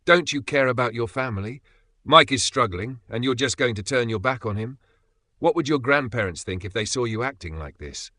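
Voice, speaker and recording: A man's voice: mid-range voice, animated, moderate pace, bright, forceful tone, no room sound. A man voicing a pleading, guilt-tripping middle-aged mother within a story reading.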